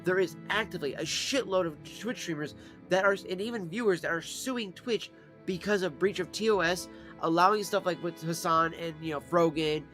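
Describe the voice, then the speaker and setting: A man's voice: high-pitched, moderate pace, a bit bright. A man streaming live, ranting casually and profanely with exasperation. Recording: faint music behind.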